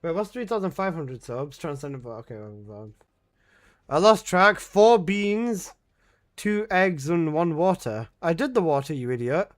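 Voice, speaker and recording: A man's voice: fairly high pitch, sing-song, a little slow. A young male streamer talks to his chat in a slightly raised voice, taking his time between bursts. He exclaims and swears freely, and laughter keeps slipping into his talk.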